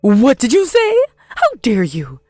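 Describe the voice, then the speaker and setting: A woman voicing a pushy older woman, a scheming ex-mother-in-law who blames everyone else, with shrill, indignant outbursts. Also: wildly swooping pitch, takes it slowly, darkish tone, dry recording, clean studio sound, faint music behind, full character voice. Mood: accusing. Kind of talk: dramatized story voice acting.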